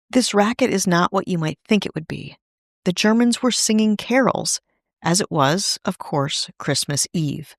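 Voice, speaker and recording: A woman narrates a history story for a podcast in a scripted read, dropping in conversational asides. Her pitch sits at a middle level, and the studio sound is very dry and close. The delivery is steady, plain storytelling. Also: a little slow, no room sound. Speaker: podcast host.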